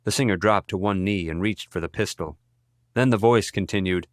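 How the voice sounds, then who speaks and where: Deep-voiced man reading an audiobook. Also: moderate pace, no echo, studio quality. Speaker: audiobook narrator. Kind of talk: scripted narration.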